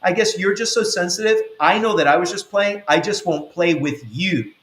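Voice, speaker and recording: Man doing a snippy sister voice, way higher, mocking, all "you're so sensitive", echoey room. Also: normal speed, a bit bright. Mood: dismissive. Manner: dismissive, mocking. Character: woman brushing off her sister's hurt.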